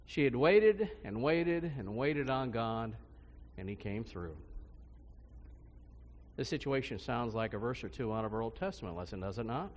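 A male pastor preaching a sermon in a conversational style, his pitch and loudness swinging widely between phrases. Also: animated, normal speed, slight background noise. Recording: long hall reverb.

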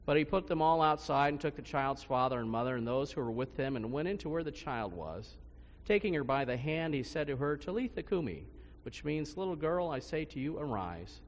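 Guy preaching a sermon, chatty style, jumps loud and soft, long echo like a big church. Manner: conversational preaching with big swings in pitch and loudness. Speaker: pastor. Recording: long hall reverb.

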